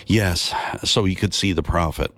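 Male reader doing an anxious, exasperated wife in a dry storybook reading, higher than his own low voice. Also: a bit bright, no room sound. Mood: fretful. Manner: quick, fretful complaining. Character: anxious, exasperated wife of a wealthy tax collector.

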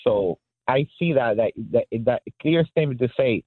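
Male caller, accented English, halting and emotional, tinny phone line, very dry. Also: mid-range voice, lively intonation, no echo. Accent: non-native English. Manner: halting, emotional, many restarts. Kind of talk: call-in radio conversation.

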